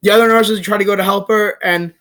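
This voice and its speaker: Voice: medium pitch, fast. Young rambling movie reviewer, swearing freely. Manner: rambling and excited, swears freely, many restarts and "like, legit" fillers. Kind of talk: casual spoken movie recap.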